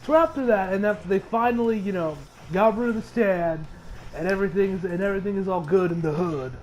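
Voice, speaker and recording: A young man giving a casual, excitable recap of an anime episode, swearing freely and rambling with restarts. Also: sits high, fairly quick, a little hiss or hum. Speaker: anime reviewer.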